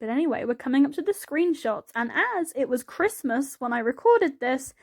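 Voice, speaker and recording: Casting: woman, high bright voice, chatty giggly vlogger narrating over gameplay, rambles and rants. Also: animated, moderate pace. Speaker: YouTuber narrating a game build. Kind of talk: casual voice-over chat over gameplay.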